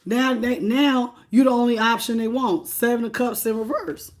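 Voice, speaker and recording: Woman tarot reader on a livestream, a bit high-pitched, animated and direct with her viewers. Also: normal speed. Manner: animated, talks straight to the viewer and greets chat by name; repeats phrases for emphasis. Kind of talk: live tarot reading.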